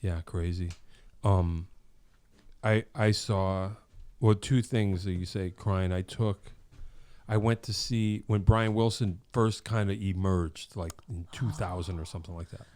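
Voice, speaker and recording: A middle-aged man hosting a podcast, chatting casually and telling lively stories that act out his own reactions. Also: deep voice, unhurried. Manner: animated storyteller, acts out his own reactions. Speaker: podcast host. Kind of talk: casual chat.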